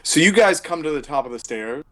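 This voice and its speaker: A man's voice: fairly high pitch, expressive, fairly quick. Man, game master, tabletop game narration, rambling, filler-heavy. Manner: rambling, lots of filler words.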